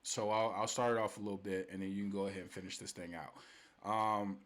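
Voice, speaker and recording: A young man co-hosting a podcast in casual chat, animated and often laughing, with many restarts. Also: lowish voice, fast. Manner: animated, laughing, repeats and restarts, drops to a soft hushed voice. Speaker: podcast co-host.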